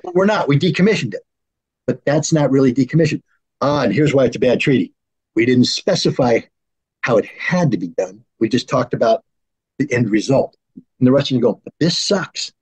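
A man with a medium-pitched, slightly mellow, husky voice speaks at a moderate pace on a low-quality recording. As an arms control expert in an animated political discussion, he talks heatedly and acts out both sides of exchanges between negotiators in mock dialogue.

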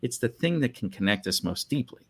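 A man speaks with a lively, swooping delivery as he retells a film's story with enthusiasm. He is a guest on a talk stream, animated and eager. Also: medium pitch, fairly quick. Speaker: filmmaker guest.

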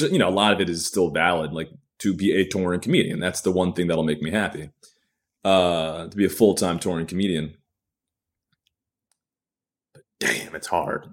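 Deep-voiced, rambling comedian man. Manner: rambling, self-deprecating, swears freely. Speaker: stand-up comedian. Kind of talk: candid solo video podcast monologue.

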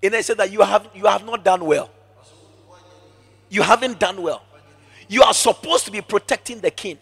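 Male preacher, sermon delivery: bright, slightly husky voice, emphatic, drops to hushed asides then shouts. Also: high voice, normal speed, pauses often. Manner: repeats phrases for emphasis.

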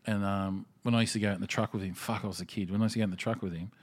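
A man's voice: fairly low pitch, steady tone, very fast. A middle-aged man, chatting casually, easygoing and swearing freely. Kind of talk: casual chat.

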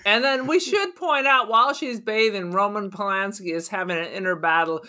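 A woman's voice: mid-range voice, moderate pace, sharp tone. A woman co-hosting a podcast, chatting casually about a film with wry, sarcastic asides. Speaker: podcast co-host. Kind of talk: casual movie chat.

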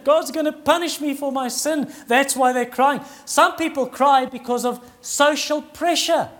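A man's voice: very high voice, a bit bright. A middle-aged man preaching a sermon in an earnest, conversational way that rises in emphasis.

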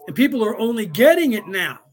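Fairly quick and high-voiced, with big pitch swings, this podcast host in his fifties talks through his ideas in a loose, rambling lecture full of fillers and restarts. Now and then he performs angry drivers' outbursts as quotes.

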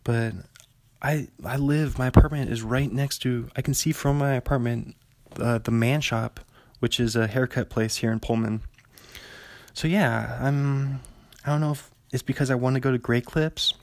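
A man's voice: mid-range voice, fairly even intonation, moderate pace, no room sound. A young adult man hosting a podcast alone, telling rambling stories in an easygoing way with frequent chuckles. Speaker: podcast host. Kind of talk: casual solo monologue.

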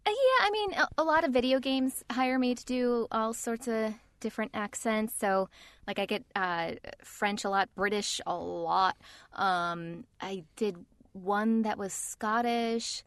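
Bright-voiced woman, dry close sound. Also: fairly high pitch, a little slow, no room sound. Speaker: voice actor, podcast co-host. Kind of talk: casual chat.

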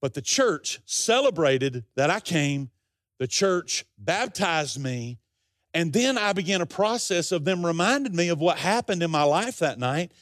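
A man's voice: a little high, big pitch swings, measured pace, fairly bright tone, no room sound, studio quality. A middle-aged male pastor preaching a sermon, telling a story in folksy quoted runs and pressing his points with earnest emphasis.

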